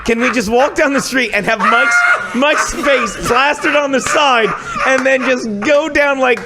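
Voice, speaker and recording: High-voiced teasing comedian guest. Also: male voice. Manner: quick, teasing riffing with laughter. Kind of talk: casual comedy podcast banter. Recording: clear background noise.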